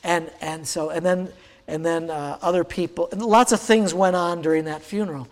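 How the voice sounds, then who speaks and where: A man in his sixties with a high voice for a man, preaching a sermon. He tells a personal story in a halting, searching way, full of fillers and restarts. His voice rings out with a long reverb from a large church hall. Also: steady tone. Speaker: pastor.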